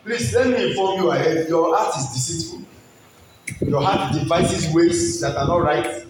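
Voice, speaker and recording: Pleading preacher in an echoey hall. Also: male voice, a little high, lively intonation, moderate pace. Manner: pleading, repetitive exhortation. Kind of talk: altar-call sermon. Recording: very echoey hall, distant mic, noisy.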